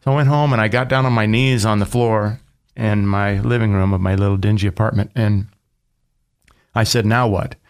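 A man's voice: on the low side, fairly even intonation, moderate pace, clear, resonant tone. A middle-aged man telling his personal testimony as an interview guest, in a plain, conversational storytelling way.

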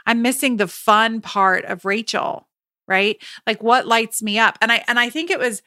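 A woman in her thirties hosts a solo podcast in a slightly high, bright, forceful voice at normal speed, with clean studio sound and no room noise. Her casual talk is emphatic, full of restarts and quoted asides.

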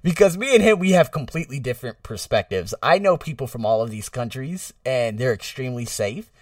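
A man talking casually to his viewers in a vlog. He jokes, swears freely and swings between loud bursts and quiet asides. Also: medium pitch, lively intonation, a little fast, no room sound, clean studio sound, recorded from a distance. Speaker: vlogger.

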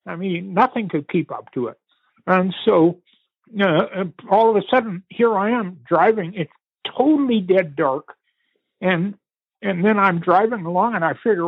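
Older Canadian man, husky storyteller, dry tinny phone-line sound. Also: sits high, dry recording. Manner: unhurried, vivid storytelling with pauses and restarts. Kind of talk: recounting a family story in conversation.

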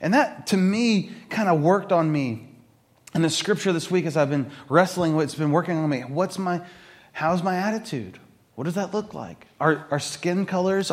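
Middle-aged male pastor, slightly high voice, relaxed storytelling sermon delivery. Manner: conversational, storytelling, acts out quoted voices.

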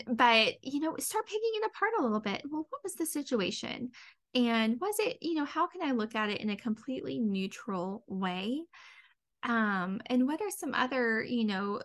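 A woman's voice: a little high, fairly bright tone. A woman hosting a podcast as a dietitian and mindset coach, talking earnestly with lots of "um" and "you know". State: tearing up, near crying. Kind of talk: heartfelt solo podcast talk.

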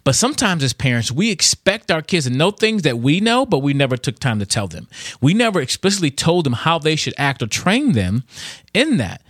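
A man's voice: fairly high pitch, sing-song, brisk, a bit bright, dry recording, clean studio sound. A middle-aged man and father giving an earnest, conversational devotional talk on parenting. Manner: earnest and conversational, acts out kids' voices. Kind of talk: informal devotional teaching.

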